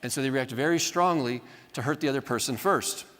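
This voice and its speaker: A man's voice: medium pitch, brisk, fairly bright tone. A man teaching a classroom lecture, talking casually and often asking "right?" as he acts out what people say. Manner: conversational, often acts out quoted voices, adds "right?". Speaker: Bible college teacher. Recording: reverberant hall.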